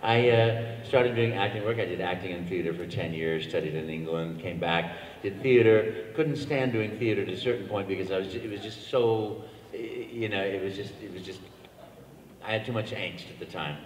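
An older man, a voice actor, telling a long, animated story on a convention panel, with frequent restarts. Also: on the low side, normal speed. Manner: animated, rambling anecdotes with restarts. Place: large convention hall. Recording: echoey convention hall, mic from far.

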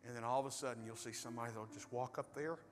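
A man preaching a sermon as pastor, animated, swinging between loud bursts and hushed storytelling. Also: mid-range voice, very fast, slight background noise. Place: large church hall. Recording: reverberant hall with soft music.

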